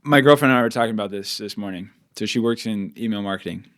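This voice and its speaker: A man co-hosting a podcast in casual chat, blunt and profane, ranting fast with lots of "like". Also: on the low side, fairly bright tone. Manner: fast rants with repeated "like". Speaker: podcast co-host.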